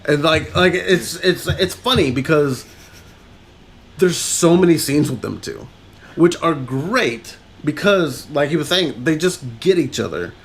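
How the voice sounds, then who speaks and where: A man's voice: on the high side, lively intonation, unhurried, vocal fry. A man co-hosting a podcast, rambling through a film recap in casual chat and laughing often. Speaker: podcast co-host.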